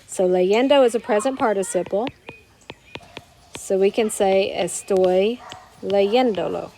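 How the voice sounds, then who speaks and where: A woman teaching a Spanish grammar lesson to her students, explaining step by step and slowing down to model each Spanish word. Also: medium pitch, mellow, a little hiss or hum. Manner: patient, explanatory, slows down to model Spanish words. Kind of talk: recorded classroom grammar lesson.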